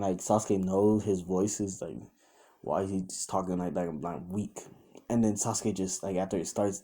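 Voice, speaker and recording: Young man, low mellow voice, loose rambling storyteller full of fillers. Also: husky. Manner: rambling, with many fillers and restarts; quotes characters in his own voice. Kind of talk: casual improvised fan-story retelling.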